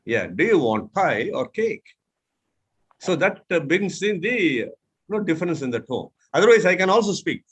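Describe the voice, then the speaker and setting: A man with an Indian English accent mentors a speaking class in an online session over a video call, patiently demonstrating tones by example. His voice is on the high side, very animated and slightly rough, at a normal speed.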